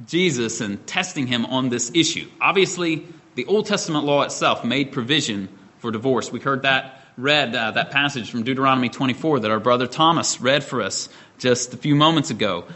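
A middle-aged man preaching an expository sermon, explaining the scripture in a measured way with occasional fillers and restarts. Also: mid-range voice, sharp tone.

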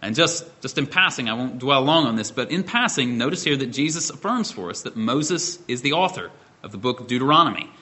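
Taking his congregation through the scripture one step at a time, a middle-aged preacher delivers an expressive expository sermon. He has a bright, forward, normally pitched male voice and a measured delivery, with the odd filler or restarted phrase.

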